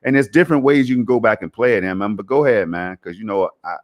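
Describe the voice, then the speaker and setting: A podcast host with a fairly low voice talks at a quick pace on a casual gaming podcast. He's laid-back and slangy, dropping "man" and "bro" into most sentences.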